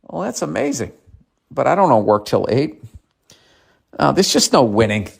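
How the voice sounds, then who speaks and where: A man's voice: mid-range voice, very animated, normal speed, creaky. Male podcast host, casual monologue, profane and sarcastic rants.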